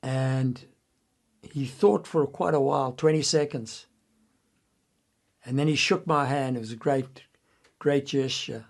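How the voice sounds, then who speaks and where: An older man telling a personal story earnestly, quoting others in his own voice and dropping low and quiet at tense moments. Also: slow pace, creaky, pauses often. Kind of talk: personal anecdote.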